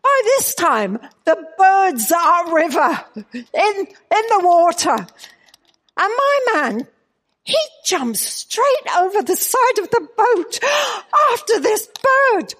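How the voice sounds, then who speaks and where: An older woman with a Northern Irish accent, preaching to a women's gathering through an animated, humorous story. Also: extremely high pitch, slow pace. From Northern Ireland. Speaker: speaker. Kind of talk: storytelling sermon. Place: church gathering.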